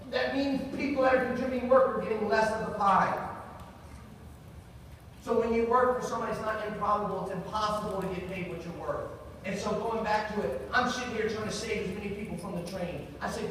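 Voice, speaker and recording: A man's voice: extremely high pitch, fairly bright tone, a little hiss or hum. A man giving an emphatic motivational speech to a live audience, telling a story and asking rhetorical questions. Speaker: motivational speaker. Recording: echoey hall recorded from far off.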